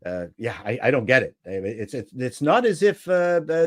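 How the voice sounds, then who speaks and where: A man's voice: medium pitch, big pitch swings, a little fast. Guy rambling on a live panel stream, restarting his sentences, voice all over the place. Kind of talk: casual panel chat.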